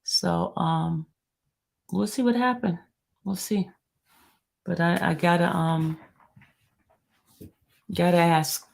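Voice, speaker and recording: Frustrated gravelly woman live-streaming. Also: fairly low pitch, steady tone, slow pace, long pauses. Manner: frustrated, repeats herself, talks straight to viewers. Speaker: court news blogger. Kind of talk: live-stream chat with viewers.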